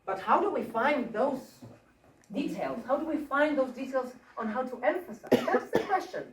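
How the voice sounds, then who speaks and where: A woman drama teacher leading a workshop, coaxing her group along with questions in an animated teaching manner. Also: high-pitched, moderate pace, slight background noise. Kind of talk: interactive teaching. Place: school hall. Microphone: room mic at a distance. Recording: echoey hall from far off.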